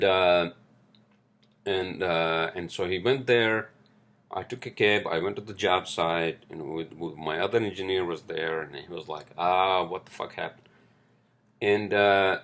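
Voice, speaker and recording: A man, described as New, with a low-pitched, slightly bright voice hosts a casual solo podcast. He rambles with many fillers, swears often and keeps adding "right?" tag questions.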